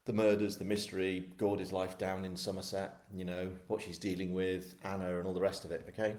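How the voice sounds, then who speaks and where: A man from England with a lowish voice chats loosely to his viewers, wandering into asides and running himself down with a grin. His talk carries the echo of a bare room at home, picked up on a webcam mic. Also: little pitch movement, brisk, darkish tone. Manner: chatty, self-deprecating, rambling asides. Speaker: author hosting a live book launch. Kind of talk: casual live-stream chat. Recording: echoey room.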